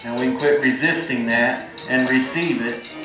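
A man's voice: medium pitch, moderate pace, over music. Guy preaching, folksy and earnest, lots of echo, sounds far from the mic. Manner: folksy, earnest, calls for responses from the congregation. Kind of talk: sermon. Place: church hall. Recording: echoey hall from far off.

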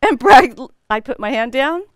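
A woman's voice: high-pitched, expressive, normal speed, dry recording, clean studio sound. A middle-aged woman teaching a women's Bible study, telling a personal story in a chatty way and laughing often.

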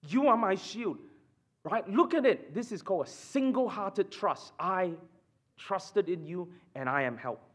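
A man preaching a sermon in church, emphatic and animated, often asking the congregation "right?" and dropping suddenly to a hush. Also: high voice, a little slow. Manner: repeats and restarts phrases, addresses the congregation with "right?". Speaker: pastor.

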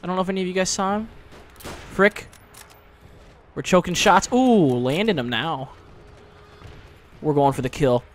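Excitable trash-talking man. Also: sits high, moderate pace, pauses often. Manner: excitable trash-talk with sudden frustrated outbursts. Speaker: gaming channel host. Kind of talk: live gameplay commentary.

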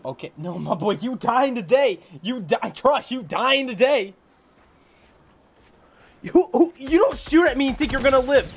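A young man giving live gameplay commentary, boastful and hyped, yelling whenever he gets excited. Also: very high voice, a little slow, a little hiss or hum. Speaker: gamer.

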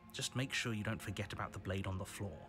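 An actor playing a stern, wary male narrator in a game, speaking measured warnings with a dry edge. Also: lowish voice, close to an everyday voice. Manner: measured, warning, dryly sardonic. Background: game music.

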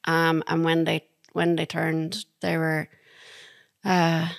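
An Irish woman, a podcast guest, telling stories in a chatty, animated way, laughing now and then. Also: deep voice, slow pace, gravelly, no echo, clean studio sound. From Ireland. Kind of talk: casual storytelling.

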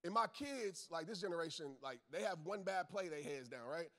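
A man's voice: a little high, expressive, brisk, fairly bright tone. A man giving a motivational talk to a crowd, emphatic and preachy, repeating his key lines in casual slang. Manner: casual Southern slang, talks straight to the crowd. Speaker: motivational speaker; football coach, father. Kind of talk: motivational speech to a live audience.

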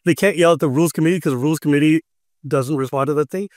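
A man hosting a podcast, chatting casually and telling animated stories with frequent laughs. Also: fairly high pitch, racing, dry recording, studio quality. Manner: animated storyteller who laughs often. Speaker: podcast host.

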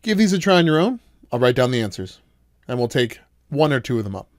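A male math lecturer walks through a problem at a patient, steady pace, pausing to quiz his students. His voice sits at an ordinary middle pitch. The recording is dry and close, with no room sound. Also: dry recording. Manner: patient, explains step by step with questions to students.

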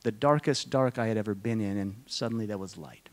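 A middle-aged man speaking to a conference audience, telling a personal story in a slow, halting, deeply emotional way, often dropping to a hush. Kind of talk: personal testimony talk to an audience. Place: conference hall.

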